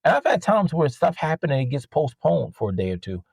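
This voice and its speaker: A man telling rowdy stories about his customers in a casual, profane, animated rant, sometimes imitating them in a higher voice. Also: fairly quick, vocal fry, slightly rough, dry recording, rough recording. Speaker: podcast host and jersey seller.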